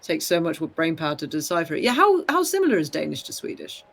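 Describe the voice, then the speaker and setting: Chatty man with a higher voice. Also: huge pitch swings, quick pace, vocal fry, fairly bright tone. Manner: chatty, laughs often, trails off. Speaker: podcast co-host. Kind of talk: casual chat.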